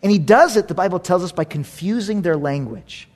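A middle-aged man preaching a sermon, animated and acting out voices with sarcastic humor. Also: sits high, a little fast. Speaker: pastor.

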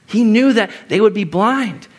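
A man preaching a sermon to a room full of people, rising to loud emphatic peaks and dropping to soft, low passages. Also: animated, a little slow. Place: room with an audience.

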